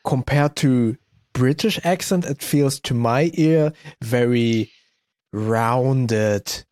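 A man's voice: medium pitch, extremely slow, darkish tone, no room sound. A man hosting a podcast, asking curious and playful questions in a casual chat. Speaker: podcast host. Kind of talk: casual interview.

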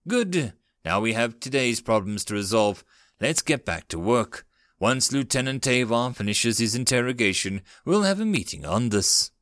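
A steady captain who gives orders calmly and firmly, as a male narrator plays him. The delivery moves a lot in pitch and sounds dry and close. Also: normal speed, no echo. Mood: commanding. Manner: calm, authoritative. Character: calm, commanding male starship captain.

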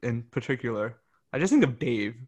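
A man's voice: mid-range voice, very animated, brisk, darkish tone, husky, dull audio. A man hosting a podcast in easygoing, affectionate casual chat. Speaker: podcast host.

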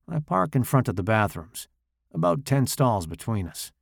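A man reading his own first-person horror story aloud in a slow, dramatic, expressive way. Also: lowish voice, gravelly, no room sound, clean studio sound.

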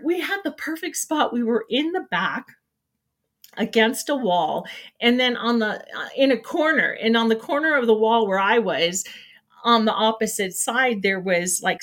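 A middle-aged woman co-hosting a morning show, chatting casually and telling stories with lots of laughter. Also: fairly high pitch. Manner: animated storytelling, laughs often, squeals when excited. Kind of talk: casual chat.

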